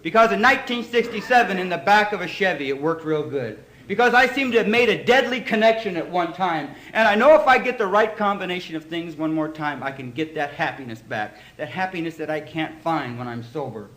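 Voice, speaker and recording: A man giving a personal testimony at a recovery meeting, telling his story with animated emotion in front of an audience that laughs along. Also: on the high side, brisk, few pauses. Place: meeting hall before an audience. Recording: echoey hall, faint room noise.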